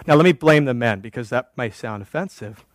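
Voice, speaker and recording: A man's voice: medium pitch, lively intonation, fairly quick, no echo. A man preaching a sermon in a church, with a conversational, wry manner that teases the congregation. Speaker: pastor.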